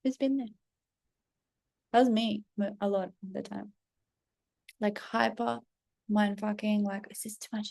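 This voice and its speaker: A woman vlogger telling a personal story, animated, profane and confessional. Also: mid-range voice, creaky. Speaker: self-development vlogger. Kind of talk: casual storytelling vlog.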